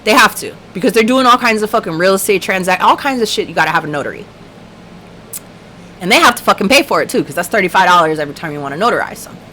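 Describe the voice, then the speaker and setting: A woman's voice: medium pitch, lively intonation, racing, bright, forceful tone, a little hiss or hum. A woman hosting a livestream, telling a story in a casual, profane, ranting way. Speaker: livestream host.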